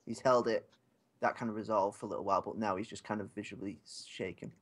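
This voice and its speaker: A man's voice: on the low side, fairly even intonation, fast, fairly bright tone. A man playing in a tabletop game, thinking aloud with hesitant restarts. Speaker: player. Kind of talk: tabletop role-play.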